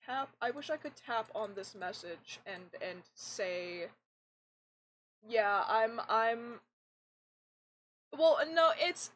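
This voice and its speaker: A woman's voice: medium pitch, unhurried, few pauses, slight background noise, rough recording. Rambling young woman streamer. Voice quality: fairly androgynous voice. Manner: rambling, restarts often, animated. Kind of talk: casual live-stream chat.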